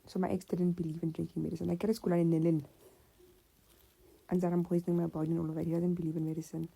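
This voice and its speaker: Gravelly, dark-voiced woman. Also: on the low side, quick pace. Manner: slangy, conversational, animated retelling. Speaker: storyteller sharing a personal story. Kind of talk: casual personal storytelling.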